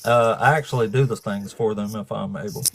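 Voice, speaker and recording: A man's voice: lowish voice, steady tone, a little fast, gravelly, a little hiss or hum. A man hosting a casual live-stream debate, talking in a laid-back, dry and sarcastic way. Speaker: atheist debate host.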